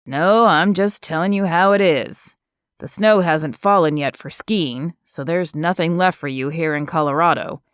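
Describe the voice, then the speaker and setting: Romance hero: woman voicing a steady ex-soldier, calm and firm, a touch lower. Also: unhurried, clean tone, dry recording, studio quality. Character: calm, protective former soldier man.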